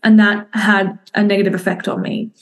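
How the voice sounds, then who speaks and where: A woman's voice: medium pitch, level tone, moderate pace, gravelly. A young woman, a fitness coach talking candidly to her group on a video call, swearing casually and speaking straight to her listeners.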